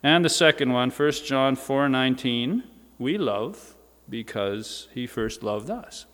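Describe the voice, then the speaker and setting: A man's voice: medium pitch, lively intonation, takes it slowly, fairly bright tone. A man giving a sermon in a church, speaking in a conversational way with informal asides. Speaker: preacher. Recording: reverberant church hall.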